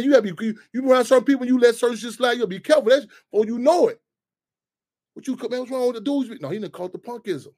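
A man hosting call-in radio talk, animated and profane, rambling with frequent restarts and repeated words. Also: very high-pitched. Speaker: radio show host.

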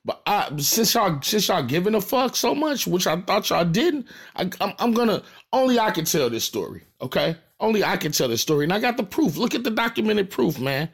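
With a high, sing-song voice that's gravelly and slightly rough, a St. Louis-born rapper rattles off a boastful, profane message to fans, fairly quick and with hardly any pauses. His St. Louis accent comes through clearly as he stresses every point.

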